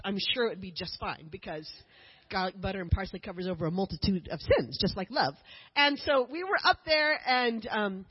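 A woman's voice: fairly high pitch, slightly rough, lo-fi sound. A woman giving a chatty slideshow talk as a missionary speaker to a church group, with joking asides. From United States.

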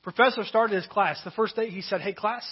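High, husky-voiced male preacher. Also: brisk, dull audio. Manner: storytelling preacher, drops soft and low on key words. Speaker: pastor. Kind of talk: sermon. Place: church sanctuary.

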